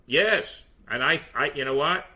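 Animated male storyteller, bright voice. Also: a little high, measured pace. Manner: animated storyteller, acts out quotes. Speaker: pirate museum tour guide and entertainer. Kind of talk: casual podcast chat, storytelling.

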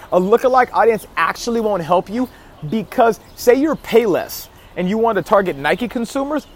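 A man talking to his viewers in a casual vlog about marketing, emphatic, with key phrases repeated and frequent restarts. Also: high voice. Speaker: marketing vlogger. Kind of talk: casual marketing advice talk to camera.

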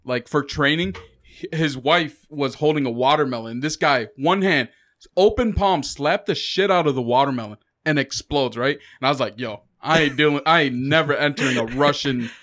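A man's voice: fairly high pitch, moderate pace. A man hosting a casual podcast chat, telling stories in a profane, laughing way. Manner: profane, laughing, animated storytelling. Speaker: podcast host.

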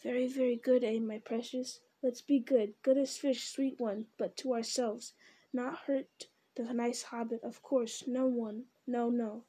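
A woman's voice: a little high, flat delivery, measured pace, mellow, husky. Gollum, a whining creature voiced by a woman. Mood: scheming. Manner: whining, wheedling, hissing repetitions. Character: wretched creature, male, split into two bickering selves.

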